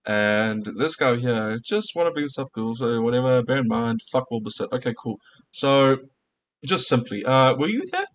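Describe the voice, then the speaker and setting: A man's voice: medium pitch, animated, normal speed, muffled recording, a little hiss or hum. Heated, swearing male streamer. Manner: heated, profane, fires rhetorical questions. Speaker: streamer reacting to a clip. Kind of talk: casual reaction rant.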